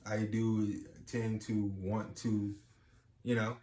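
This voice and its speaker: A young adult man co-hosts a casual podcast chat about marriage, rambling along with lots of "you know"s. His voice is lowish and slightly mellow, slow and flat in delivery, recorded in an echoey room with faint ambience.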